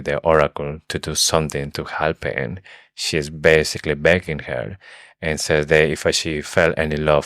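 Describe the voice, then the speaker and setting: Very deep-voiced man, casual book chat. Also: a bit bright, no echo, clean studio sound. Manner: retells the plot with hesitations and fillers. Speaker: podcast co-host.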